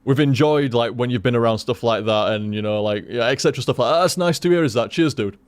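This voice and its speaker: A man's voice: mid-range voice, fast, smooth. A young man chatting casually to his stream viewers, rambling and swearing with lots of restarts.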